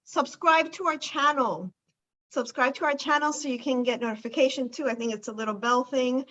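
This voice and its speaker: A woman's voice: high voice, steady tone, fast, fairly bright tone. A woman hosting a casual chat about a weight loss program, telling a client story in an emphatic, enthusiastic way. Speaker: weight loss clinic host. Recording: dull lo-fi sound.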